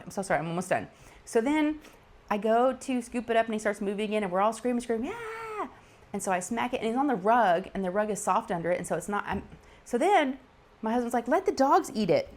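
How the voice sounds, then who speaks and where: A middle-aged woman chats casually at her craft table, telling a story in an animated way and acting out the people in it. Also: medium pitch. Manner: animated, laughing, acts out quoted voices. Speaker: diamond painting channel host.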